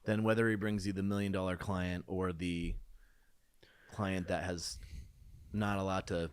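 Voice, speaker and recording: Deep-voiced man, dry close sound. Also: flat delivery, smooth, no room sound. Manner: soft affirmations, halting restarts. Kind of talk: casual podcast conversation.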